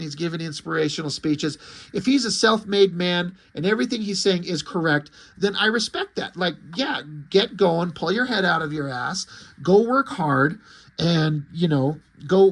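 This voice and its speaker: A man's voice: high voice, a bit bright. A man reviewing a comic in a casual vlog, ranting in disbelief and swearing freely. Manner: incredulous, profane ranting.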